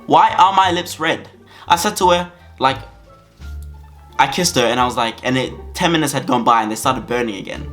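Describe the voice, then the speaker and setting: Animated young man telling a story. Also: mid-range voice, brisk, soft background music. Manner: animated, laughing, dramatic exaggeration. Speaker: vlogger. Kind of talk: comic storytime.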